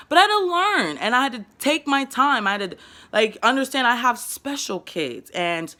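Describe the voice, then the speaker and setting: A young woman with a New York accent talks straight to the camera in a vlog. Her voice is bright and forceful. She talks fast and with emphasis, tripping over and repeating words as she gives parenting advice. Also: on the high side, sing-song. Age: 20s. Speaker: parenting vlogger.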